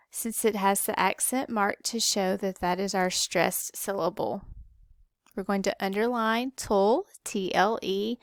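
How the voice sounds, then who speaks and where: Woman, teacher, slow spelling lesson, patient, letter by letter, dry close sound. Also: mid-range voice, no echo.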